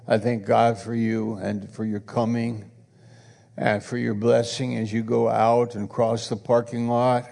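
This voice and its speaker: A man's voice: mid-range voice, flat delivery, measured pace, creaky, warm tone. A man preaching a sermon to his congregation, earnest and repetitive, pleading with the listeners. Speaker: pastor. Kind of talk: sermon with altar call and announcements. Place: church auditorium with congregation. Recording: echoey church hall.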